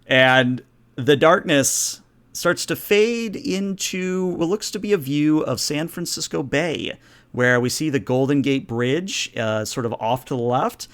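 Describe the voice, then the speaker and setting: A man's voice: mid-range voice, fairly bright tone. A man running a tabletop game as game master, narrating in a casual, rambling way. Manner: casual, rambling, many fillers.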